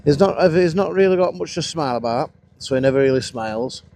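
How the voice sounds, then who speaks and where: Wind and engine noise fill this helmet-mounted action camera recording of a motovlogger on the move outdoors. He's a man in his thirties with a Northern English accent, and his fairly high, animated voice is brisk and warm as he chats, swears and tells rambling stories while riding.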